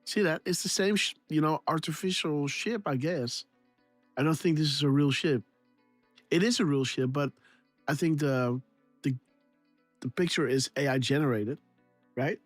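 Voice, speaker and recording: A man's voice: a little high, normal speed, long pauses, no room sound, soft background music. Laughing man hosting a casual livestream. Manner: laughing, repeats himself, imitates sound effects. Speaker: livestream host.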